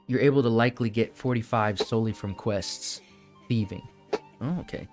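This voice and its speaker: A man streaming a game, talking to himself and his viewers in a loose, chatty way, laughing often as he works things out. His pitch sits mid-range, and soft music plays faintly behind him. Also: normal speed. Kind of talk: casual live-stream gaming chatter.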